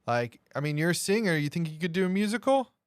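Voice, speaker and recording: A man's voice: high-pitched, fast, clear, resonant tone, dry recording, clean studio sound. A man co-hosting a movie podcast in casual, jokey chat. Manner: animated, jokey. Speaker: podcast co-host.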